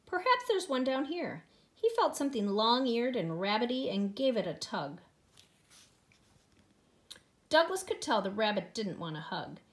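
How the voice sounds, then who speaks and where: A woman, a preschool teacher, reading a picture book aloud to young children in an expressive, sing-song way. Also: mid-range voice, measured pace, long pauses.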